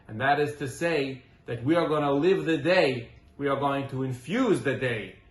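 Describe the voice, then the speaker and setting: A man's voice: medium pitch, a bit bright. A man giving a Torah class as a rabbi, earnest and full of rhetorical questions, weaving in Hebrew and Yiddish terms. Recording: roomy echo.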